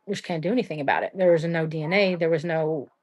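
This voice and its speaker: A woman's voice: low voice, quick pace, darkish tone. A young adult woman hosting a livestream, telling a true-crime story in a blunt, rambling way full of "like" and casual swearing. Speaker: livestream host.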